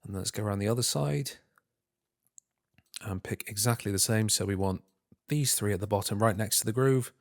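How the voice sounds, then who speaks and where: A man talking himself through a software tutorial, muttering and humming filler sounds between steps and calling himself an idiot. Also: lowish voice, normal speed, creaky, pauses often, no echo, clean studio sound. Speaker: tutorial host. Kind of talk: screen-recorded software tutorial.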